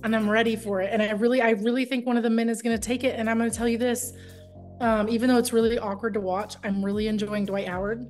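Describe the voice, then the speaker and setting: A woman co-hosting a casual reality TV chat, agreeable and quick to chime in, giving measured opinions. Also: on the high side, level tone, a little mellow, faint music behind.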